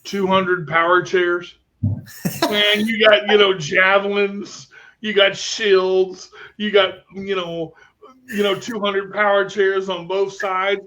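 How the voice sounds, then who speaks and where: A man's voice: high-pitched, little pitch movement, slow, pushed and bright. A man hosting a casual radio chat, jokey and rambling, slipping into silly impressions. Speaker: podcast host. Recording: dull lo-fi audio.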